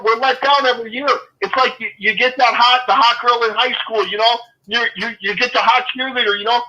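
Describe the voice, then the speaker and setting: A man's voice: very high-pitched, pushed and bright, muffled recording. A man talking football as a guest, ranting in a fired-up way, swearing and then apologizing. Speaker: guest fan. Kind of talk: casual sports chat.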